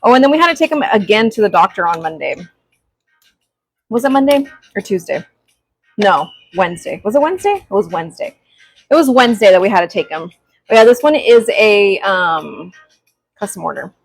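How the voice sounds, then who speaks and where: A young woman chatting on a craft livestream, greeting viewers with excited gasps. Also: medium pitch, brisk, gravelly, breathy edge, no room sound, faint music behind, poor audio. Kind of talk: casual livestream chat. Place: craft workspace at home. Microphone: small clip-on mic.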